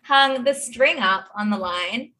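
A woman's voice: on the high side, lively intonation, takes it slowly, bright, forceful tone, a little hiss or hum. A woman with an Australian accent, a podcast guest in casual interview chat who laughs often between phrases.

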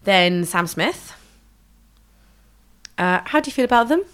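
A woman from England in casual podcast chat, animated and swearing freely as she mimics singers. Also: medium pitch, unhurried, clear, resonant tone. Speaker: podcast co-host.

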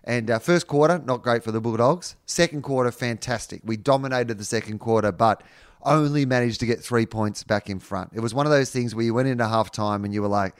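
An Australian man co-hosting a casual podcast, recounting a story with lively swings of feeling, swearing freely and breaking into laughs. His voice is mid-pitched and recorded close and dry. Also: fairly quick, no room sound. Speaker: podcast co-host and stand-up comedian. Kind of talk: casual chat.

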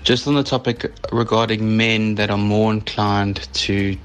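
A South African man calling in to a radio show, measured and hesitant, often pausing with ums. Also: on the low side, fairly even intonation, smooth. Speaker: caller. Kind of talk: radio call-in.

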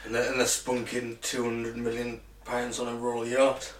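A man's voice: medium pitch, completely flat delivery, normal speed, far from the mic. A man co-hosting a podcast, giving short, dry replies in casual banter. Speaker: podcast co-host. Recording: roomy, off-mic with faint room noise.

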